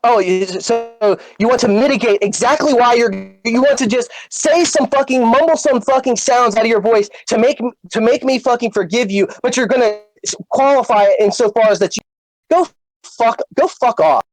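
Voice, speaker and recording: A woman's voice: a little high, brisk, rough recording. A woman in a heated voice-chat argument, furious and berating, cursing often. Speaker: Discord server member.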